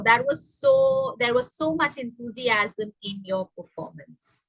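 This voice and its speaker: Woman hosting an online call, bright and kind of breathy, reads out comments. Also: a little high, dry recording, rough recording. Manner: encouraging, reads out audience comments. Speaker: event host. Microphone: video call.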